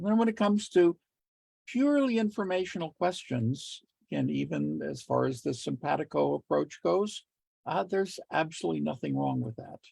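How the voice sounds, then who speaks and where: A middle-aged man teaching communication skills in a relaxed lecture, telling jokes with quoted voices and small laughs. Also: a little high, creaky, slightly rough, no room sound. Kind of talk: lecture with joke anecdotes.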